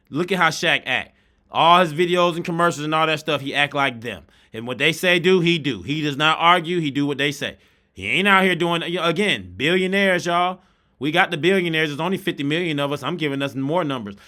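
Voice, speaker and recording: Fired-up man ranting with slang. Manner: loud, preachy, street slang, swings from shouting to low asides. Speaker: podcast host reacting to videos. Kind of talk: fired-up reaction commentary.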